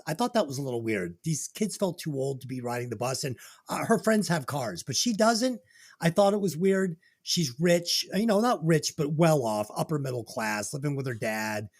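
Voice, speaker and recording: Podcast host, casual chat, animated pitch, swears a lot, opinionated. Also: normal speed. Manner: lively, profane, opinionated. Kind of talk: casual movie review chat.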